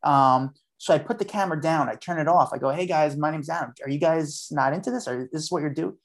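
A man's voice: on the high side, fast, vocal fry. A man as a podcast guest, a street journalist telling a story in a chatty way and acting out what he said at the time. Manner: chatty, acts out his own past lines. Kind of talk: casual storytelling.

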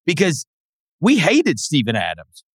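A man co-hosting a sports podcast, telling stories in a casual, animated way and dropping into high mimicking voices. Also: a little slow, husky, no echo, studio quality. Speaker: podcast co-host.

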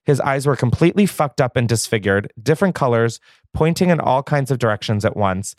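A man's voice: mid-range voice, expressive, fairly quick, no echo, studio quality. A man hosting a podcast, reading stories aloud in a profane, gossipy manner, jittery from caffeine and laughing often. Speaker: podcast host.

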